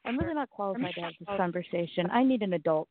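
A woman's voice: mid-range voice, expressive, quick pace, a little hiss or hum. Blunt rambling Southern woman on a tinny line. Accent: Southern American. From Southern United States. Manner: rambling, blunt, self-mocking. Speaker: co-host. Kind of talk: casual chat. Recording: tinny phone-like line, dry.

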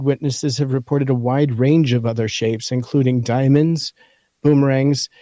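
Male podcast co-host, scratchy and mellow, reads an article aloud point by point, dry close sound. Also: mid-range voice, no echo. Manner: talks through a list point by point. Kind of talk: casual chat, reading from an article.

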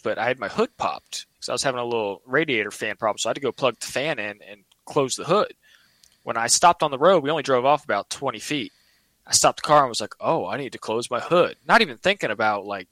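A man's voice: mid-range voice, sharp tone, no room sound, low-quality recording. A man telling a personal story in a casual, earnest, rambling way, often restarting his sentences.

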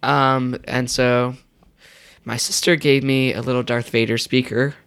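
A teenage male co-host, teasing and joking in casual chat. His voice has a gravelly creak, and the recording is dry and close. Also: mid-range voice, level tone, a bit bright, dry recording. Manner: teasing, quick joking remarks. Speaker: podcast co-host.

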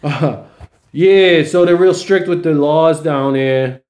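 A man's voice: a little high, slow pace, a little mellow. A man hosting a podcast, chatting loosely with a guest, swearing freely and laughing often. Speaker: podcast host. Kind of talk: casual chat.

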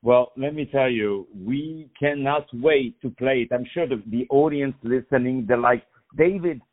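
A man's voice: medium pitch, normal speed, phone-quality sound. A man hosting a radio interview, effusive and full of repeated praise. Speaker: radio host. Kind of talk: enthusiastic interview.

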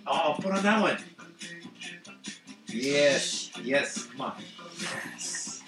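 Slow-talking man in an echoey room. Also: a little high, expressive, music in the background. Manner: laughing, loose, swearing. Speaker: podcast host. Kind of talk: casual chat.

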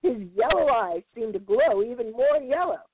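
Raspy woman reading a children's story aloud. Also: fairly high pitch, moderate pace, no room sound. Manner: lively, expressive storyteller. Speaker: podcast host reading aloud. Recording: dry, tinny phone-like sound.

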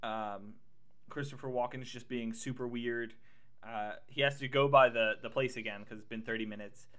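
A man's voice: medium pitch, fairly even intonation, normal speed, fairly bright tone. A man in casual chat, recapping a movie with jokes and playful put-on voices. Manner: jokey, acts out characters in silly voices. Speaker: podcast co-host.

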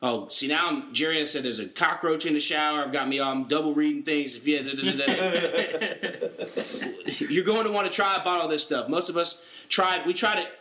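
A man's voice: on the high side, quick pace, hardly any pauses, bright, forceful tone. A man hosting a casual podcast from a basement, joking and laughing through a loose ad read with rambling asides. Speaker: podcast host. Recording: roomy basement echo.

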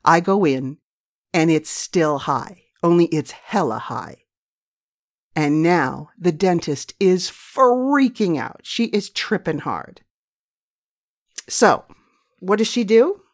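Low-voiced woman telling a candid story. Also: lively intonation, takes it slowly, long pauses. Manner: candid, profane, self-mocking. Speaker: podcast host. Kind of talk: personal storytelling monologue.

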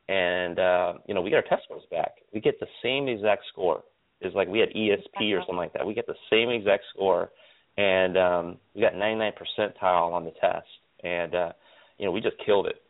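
A man from Stockton, California, a guest optometrist telling stories in an animated way, repeating words and using lots of fillers. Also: sits low. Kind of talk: casual interview storytelling. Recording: tinny phone line.

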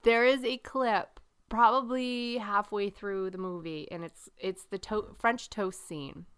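Animated bright-voiced woman storyteller. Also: mid-range voice, a little slow, clear, resonant tone. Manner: animated storyteller, laughs often. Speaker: podcast co-host. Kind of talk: casual chat.

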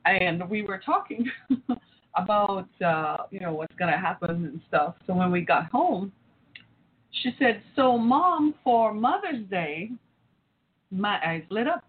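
A woman in her forties hosts a talk, recounting a family story to an audience and animatedly acting out the voices of the people in it. Her voice sits on the low side and is slightly rough, with a measured pace. The line sounds tinny and phone-like, with faint noise.

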